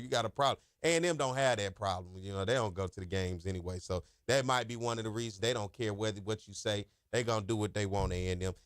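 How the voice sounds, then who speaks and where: A man hosts a college sports talk show, animated and full of rhetorical jabs. His voice sits a bit high for a man. The sound is dry and close. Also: no echo. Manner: animated, trash-talking, rhetorical questions. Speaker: podcast host.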